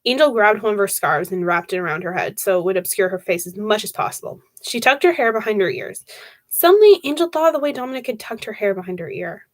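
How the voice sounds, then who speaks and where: A woman streamer reading a horror novel aloud, expressive, with occasional stumbles and restarts. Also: mid-range voice, fast, few pauses, no room sound.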